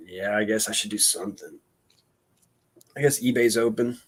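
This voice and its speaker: A man's voice: lowish voice, fairly even intonation, unhurried, slightly rough. A man co-hosting a casual live-stream chat, telling long stories with lots of fillers and restarts. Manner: rambling storyteller with many fillers and restarts. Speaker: co-host.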